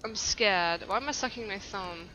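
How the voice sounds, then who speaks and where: A young woman giving casual, profane let's-play commentary, reacting loudly and insulting her own game character. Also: medium pitch, moderate pace, dull audio. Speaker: gameplay commentator.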